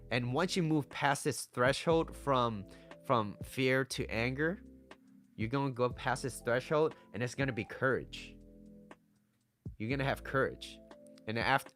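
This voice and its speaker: Blunt low-voiced man coaching casually. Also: fairly bright tone. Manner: blunt, profane, acts out what people say in quoted voices. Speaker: dating and relationship coach.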